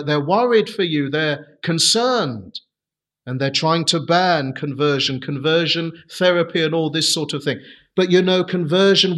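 A man preaching a sermon, earnest and deliberate, lifting his voice on key phrases. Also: fairly bright tone. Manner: earnest, rises in pitch for emphasis; slow, deliberate delivery.

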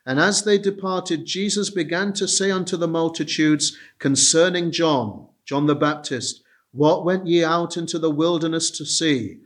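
A man preaching an expository sermon, slow and deliberate, pausing with frequent hesitations and reading scripture in old King James wording. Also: on the high side.

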